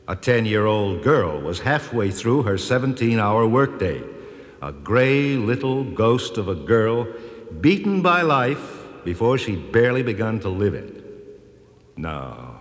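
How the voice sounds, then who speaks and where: An actor playing a reflective personification of history, speaking earnestly and gently correcting others. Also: male voice, medium pitch. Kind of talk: scripted drama narration. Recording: long reverb.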